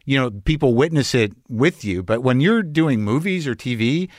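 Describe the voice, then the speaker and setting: A man's voice: medium pitch, expressive, normal speed. Talk host guy, rambly and a bit sweary, dry close sound, no room echo. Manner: rambling storyteller, loose and swearing. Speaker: host, actor. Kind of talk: casual conversation.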